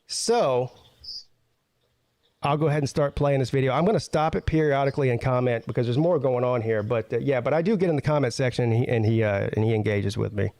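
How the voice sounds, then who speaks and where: A man's voice: medium pitch, a little fast, darkish tone, no echo. A man hosting a casual show, commenting on a video he plays and mocking it with lots of filler. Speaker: show host.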